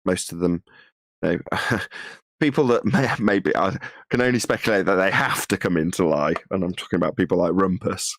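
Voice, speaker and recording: A man's voice: low voice, normal speed, no room sound. A man co-hosting a casual online voice-call show, mocking and chuckling as he argues his points. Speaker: co-host.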